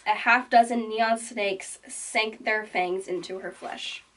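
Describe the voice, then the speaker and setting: Woman, casual book recap vlog, chatty, lots of filler words, mid pitch, a little distant from the mic. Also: steady tone, slow pace, a bit bright. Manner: chatty, full of fillers like "like", acts out quotes.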